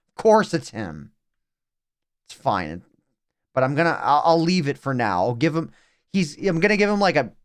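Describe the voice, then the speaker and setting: Young male streamer, lively swooping delivery, smooth clean voice, rambling self-aware commentary. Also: on the high side. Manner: rambling, self-mocking asides. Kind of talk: live game-stream commentary.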